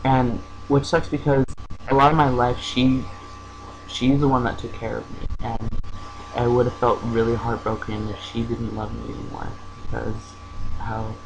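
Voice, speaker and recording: A young man speaking casually into his camera at home, telling a personal story with many pauses, fillers and restarts. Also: medium pitch, level tone, vocal fry, dull audio, noisy background. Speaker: vlogger.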